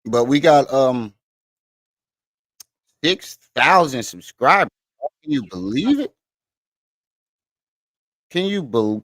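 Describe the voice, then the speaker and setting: A man's medium-pitched, a bit bright voice is very animated yet slow, with frequent pauses and no room sound. He hosts a casual livestream from his living room, chatting with viewers, cursing freely, and laughing at himself in a laid-back, profane way as he reads comments.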